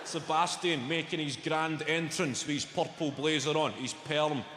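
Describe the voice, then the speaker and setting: Scottish male stand-up, sardonic, sweary, animated; echoey live hall, loud crowd. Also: a little high, unhurried, background noise. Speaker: stand-up comedian. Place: large live venue.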